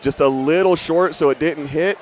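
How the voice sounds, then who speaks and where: A man's voice: fairly high pitch, normal speed, a little mellow. A man doing live fight commentary, chatty and upbeat, often stumbling and restarting his sentences.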